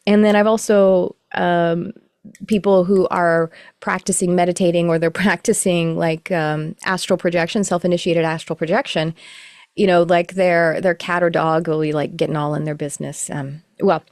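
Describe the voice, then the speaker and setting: A middle-aged woman teaching a live online class, explaining in a relaxed, rambling way with self-corrections. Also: lowish voice, normal speed, no room sound, studio quality. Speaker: course teacher. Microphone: video call.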